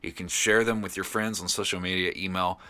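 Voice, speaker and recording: A middle-aged man, a pastor hosting a podcast, delivering an earnest, encouraging devotional sermon with animated storytelling. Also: deep voice, brisk.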